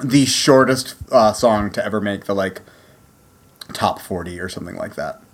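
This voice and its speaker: A man co-hosting a casual podcast chat, animated and talkative with lots of fillers. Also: lowish voice, moderate pace. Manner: animated, chatty, full of fillers. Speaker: podcast co-host.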